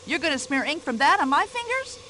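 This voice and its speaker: A brash older American widow. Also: female voice, high-pitched, big pitch swings, fairly quick, sharp tone, slight background noise, exaggerated voice. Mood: indignant. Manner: indignant, nosy, fussy complaining chatter. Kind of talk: video game voice acting.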